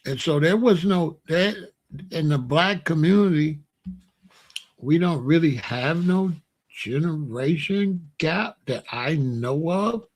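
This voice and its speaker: A man's voice: on the high side, animated, takes it slowly, slightly rough. Older man, rambling storyteller. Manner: rambling, pointing things out. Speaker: vlogger. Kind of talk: casual storytelling.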